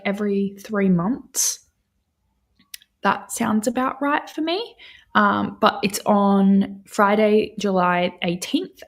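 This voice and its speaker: A young woman hosting a livestream from home, chatting casually with viewers in a rambling way with lots of fillers. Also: mid-range voice. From Australia. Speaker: livestream host.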